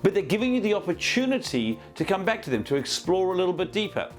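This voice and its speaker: A man's voice: high voice, quick pace, faint music behind. A man, a business trainer giving a conversational coaching talk to the camera and acting out small scenes as examples. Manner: lively, conversational, acts out examples.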